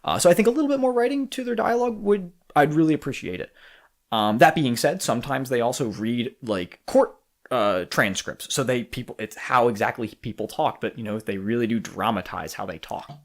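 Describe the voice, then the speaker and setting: Lively, cursing male podcast co-host. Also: medium pitch, fairly quick. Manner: animated, profane, talks through thoughts with restarts. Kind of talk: casual podcast chat.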